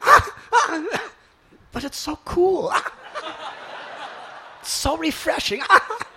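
A man's voice: very high-pitched, very animated, slow, pushed and bright, slight background noise, pitched above the performer's own voice, exaggerated voice. A man putting on the voice of a gasping, ecstatic bather who refuses to leave the water. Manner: squealing, gasping, giddy exclamations.

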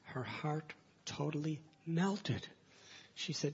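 A man slowly telling sacred stories to listeners, softly drawing out each phrase. His voice is gravelly and very husky. The recording sounds dull and lo-fi. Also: mid-range voice. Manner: slow, soft-spoken, drawn-out phrasing. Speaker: spiritual teacher. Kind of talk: devotional storytelling talk.

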